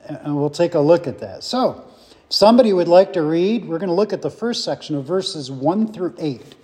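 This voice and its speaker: A man teaching a Bible study class in a slow, halting way, with many fillers and restarts. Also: fairly high pitch, expressive, warm tone, big-room sound.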